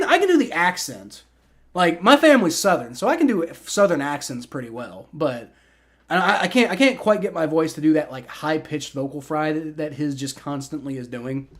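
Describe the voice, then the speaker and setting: A man's voice: fairly high pitch, lively intonation, normal speed, a bit bright. Rambling man calling a live game. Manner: rambling, repeats words, many fillers. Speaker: livestream host. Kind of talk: live play-by-play and chat reaction.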